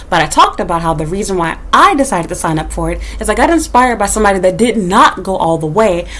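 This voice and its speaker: Sassy woman ranting at her haters on her channel, blunt and cussing. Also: mid-range voice. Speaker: YouTuber. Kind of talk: casual rant to camera. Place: home in Japan.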